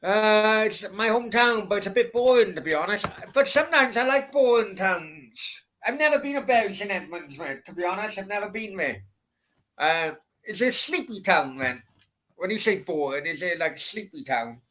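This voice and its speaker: A man's voice: high voice, animated, normal speed, a bit bright. A young man streaming a football watchalong, blunt and swearing at players while chatting with his viewers. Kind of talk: live match commentary and chat with viewers.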